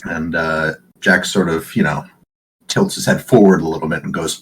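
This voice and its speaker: A man's voice: very deep voice, steady tone, moderate pace, a bit bright, rough recording. A man playing a tabletop game, describing his character's actions in a hesitant way with many fillers. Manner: hesitant, laughing, filler-heavy. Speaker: player.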